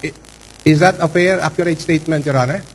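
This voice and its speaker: A man with a Filipino accent, a lawyer making a formal, measured statement to a hearing board, stressing key words. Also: on the high side, slight background noise, rough recording. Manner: measured, formal, repeats for emphasis.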